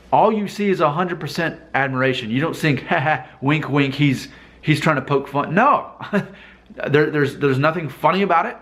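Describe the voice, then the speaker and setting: A man's voice: a little high, a bit bright. A man talking casually to camera in a vlog, thinking aloud with rhetorical questions and restarts. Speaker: vlogger. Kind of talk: casual talking-head commentary.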